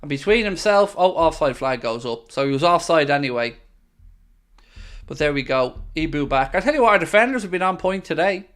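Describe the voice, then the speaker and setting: An Irish man hosting a live football watchalong, reacting excitedly and calling the play as it happens. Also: fairly high pitch, brisk. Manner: excitable, jumps into play-by-play shouts. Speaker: watchalong host. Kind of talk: live match reaction commentary.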